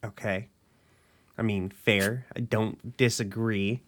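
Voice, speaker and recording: A man chatting as a player in a tabletop role-playing game, rambling with lots of fillers and quick laughs. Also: lowish voice, fairly even intonation. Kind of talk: tabletop role-play banter.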